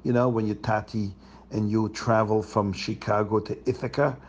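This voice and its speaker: Gravelly man telling a children's story. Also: on the low side, moderate pace, muffled recording, a little hiss or hum. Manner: animated, asks listeners questions.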